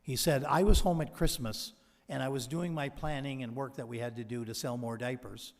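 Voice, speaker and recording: A man's voice: mid-range voice, fairly even intonation, normal speed. A man giving a convocation speech from a podium, telling stories and quoting people he met. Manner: storytelling, quoting others. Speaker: convocation speaker. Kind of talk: ceremonial speech with anecdotes. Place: large hall. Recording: long hall reverb.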